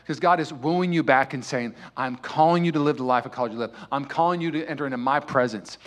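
A young adult man preaching a sermon as pastor in a church sanctuary, building to loud, impassioned peaks. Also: medium pitch, quick pace.

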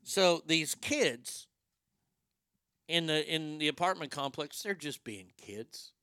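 A middle-aged man working a stand-up crowd with a crude, animated delivery. His voice is bright and forceful, pitched a touch high for a man, and the sound is close and dry with no room around it. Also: slow, no echo. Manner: crude, animated, acts out quotes. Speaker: stand-up comedian. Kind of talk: stand-up storytelling.

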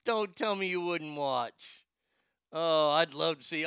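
A man with a high, bright voice and a gravelly edge hosts a casual commentary show. He talks bluntly and swears freely, joking his way through posts he reads aloud. The sound is smooth and dry. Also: takes it slowly, no echo. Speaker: show host.

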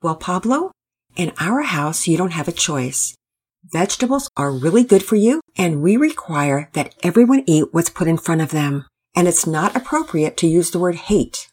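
A woman's voice: fairly low pitch, expressive, moderate pace, darkish tone, husky. A woman voicing a kind but firm mother in a storybook, speaking matter-of-factly.

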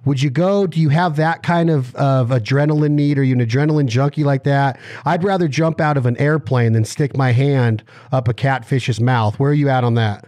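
A man hosting a casual interview, teasing and rambling through rapid-fire questions. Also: medium pitch, a little mellow, no room sound. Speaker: podcast host.

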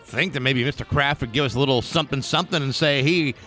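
Morning radio host, man, bright voice, sardonic and grumbling. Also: mid-range voice, fast, faint music behind. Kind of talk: casual on-air banter.

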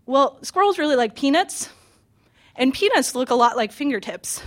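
A woman's voice: high voice, lively intonation, normal speed. A young woman in her twenties from Pennsylvania telling a funny personal story on stage, chatty and self-mocking. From Pennsylvania, USA. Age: 20s. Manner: chatty, self-mocking, many ums and restarts.

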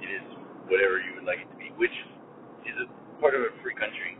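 Relaxed lower-voiced man, rambling casual chat, phone-thin sound with faint hiss. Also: fast talker, phone-quality sound. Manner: easygoing, rambling, chuckles often.

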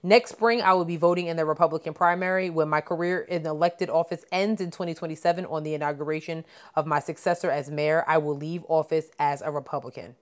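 Lower-voiced woman reading news casually. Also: steady tone, fast talker, hardly any pauses. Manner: reads headlines aloud with stumbles and asides. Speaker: podcast co-host.

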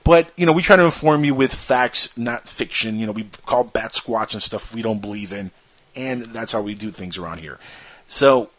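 A man's voice: on the low side, normal speed, a bit bright. A man hosting an online radio show, rambling and joking through casual banter with plenty of fillers. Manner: rambling, filler-heavy, jokey.

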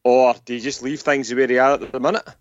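A man's voice: medium pitch, fairly even intonation, quick pace, no echo, lo-fi sound. A man co-hosting a casual football chat, mostly giving short agreements and sometimes musing through questions. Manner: brief agreeing replies, then questioning musing. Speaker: podcast co-host.

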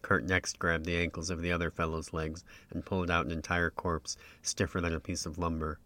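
A man reading his own first-person story aloud in a measured, even, literary way. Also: deep voice, no room sound. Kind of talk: scripted first-person narration.

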